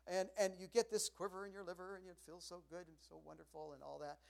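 A middle-aged man delivers a sermon as a pastor, with a voice pitched a little higher than most men's. He preaches in a loose, conversational way, swinging from loud, pushed lines down to hushed ones. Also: fast talker, creaky.

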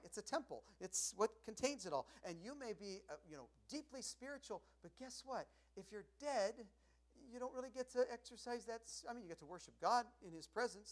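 Preaching pastor, loud then hushed. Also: male voice, high voice. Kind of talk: sermon.

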